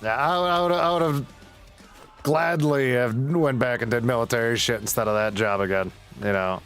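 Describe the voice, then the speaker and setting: A man's voice: medium pitch, moderate pace, fairly bright tone, clean tone. Young guy streaming a game, cussing and laughing through a story, light music under it. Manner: blunt, profane, laughs often. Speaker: gaming streamer. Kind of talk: casual storytelling while gaming.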